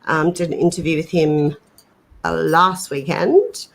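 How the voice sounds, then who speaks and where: Slow, low-voiced woman livestream co-host. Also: creaky. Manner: hesitant, many fillers and restarts. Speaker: paranormal channel co-host. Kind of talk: casual livestream chat.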